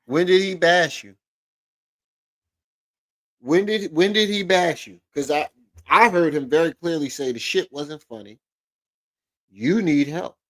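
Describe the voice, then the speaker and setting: A man's voice: on the high side, a little slow, long pauses, low-quality recording. A man hosting a stream, giving profane, sarcastic reaction commentary. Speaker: streamer host.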